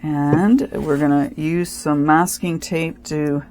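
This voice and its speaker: A woman's voice: low voice, steady tone, slow, mellow. A woman hosting a casual craft tutorial, thinking aloud, restarting sentences and giving careful step-by-step instructions. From Canada. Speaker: craft channel host.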